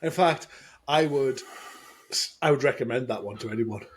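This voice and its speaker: On a casual beer podcast, a Scottish co-host chats with frequent restarts and laughing bursts, speaking at a moderate pace and medium pitch. Slight background noise can be heard.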